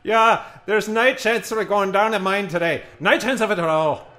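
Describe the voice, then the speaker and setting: A man's voice: high-pitched, moderate pace, bright, forceful tone. A man voicing a cheery, wealthy, miserly politician cast as Scrooge, eager and a little pompous. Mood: chipper. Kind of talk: radio comedy sketch.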